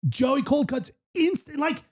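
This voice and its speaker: A man hosting a casual chat show, telling stories excitedly with many fillers and restarts. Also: extremely high pitch, a little slow. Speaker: podcast host.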